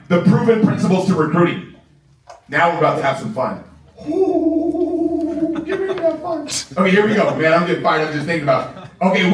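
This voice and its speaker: A man giving an energetic, excitable motivational training talk to a live audience in a large room, laughing often and asking "right?" a lot. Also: a little high. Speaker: sales trainer. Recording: echoey room, voice from far off.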